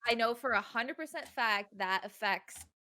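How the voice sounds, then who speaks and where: A woman's voice: on the high side, moderate pace, bright, forceful tone. A young woman co-hosting a podcast, talking candidly and frankly in casual chat. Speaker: podcast co-host.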